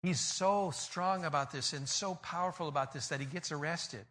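A male pastor preaching a sermon, telling the story in an animated way and swinging between loud peaks and quiet passages. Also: a little high, normal speed.

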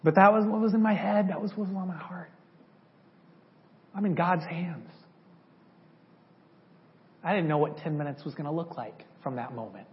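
A man tells his testimony to a church in a loose, conversational way, slipping into the voices of the people in his story. His voice sits a little high for a man. The recording is somewhat dull and lo-fi. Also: normal speed, long pauses. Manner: conversational, acts out dialogue from memory. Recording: slightly dull lo-fi audio.

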